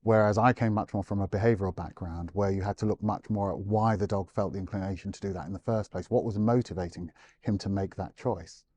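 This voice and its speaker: A low-voiced man talks fast, with a slight hiss or hum on the audio, as a guest animal behaviourist in an interview. He explains things as a lively storyteller, acting out what owners and dogs supposedly said.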